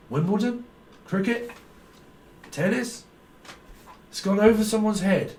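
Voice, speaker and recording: A man's voice: high-pitched, expressive, takes it slowly, pauses often, a little mellow, a little hiss or hum. A man giving a rambling, free-associating tarot reading, swearing and laughing as he goes. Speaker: tarot reader. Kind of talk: stream-of-consciousness intuitive reading. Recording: echoey room, mic far off.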